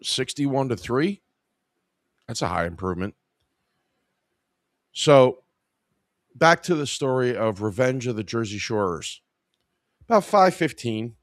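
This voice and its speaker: A man's voice: fairly low pitch, no echo, studio quality. A man in his forties hosting a live podcast, telling a casual work story in an irreverent, wry way. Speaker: podcast host.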